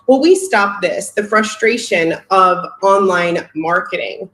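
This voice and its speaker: A woman's voice: medium pitch, moderate pace, hardly any pauses, fairly bright tone, roomy sound, rough recording. A woman, a company marketing executive, giving a heartfelt, emotional live presentation on a video call, close to tears.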